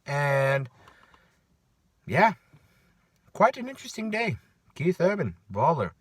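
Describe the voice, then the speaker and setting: A tired man rambling through a casual, animated story about his work shift, checking in with lots of "right?". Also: a little high, slow, slightly rough, no room sound, clean studio sound. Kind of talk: casual chat.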